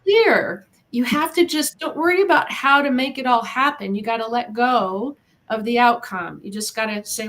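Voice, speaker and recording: A woman's voice: a little high, moderate pace, fairly bright tone. A middle-aged American woman, a guest in an interview, telling her story in an earnest, encouraging way. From United States. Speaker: guest, animal communicator. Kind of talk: casual interview talk.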